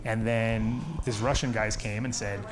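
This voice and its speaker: A male podcast host in a studio, chatting casually and telling a lively story, acting out the voices of the people in it. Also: lowish voice, a little slow. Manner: animated storyteller, acts out quoted voices.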